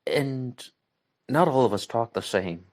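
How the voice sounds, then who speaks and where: A man's voice: medium pitch, lively intonation, a little slow, darkish tone. A man in his thirties with a West Virginian accent, hosting an online radio show in a chatty, rambling way and sharing trivia. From West Virginia, USA. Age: 30s. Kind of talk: casual solo podcast talk.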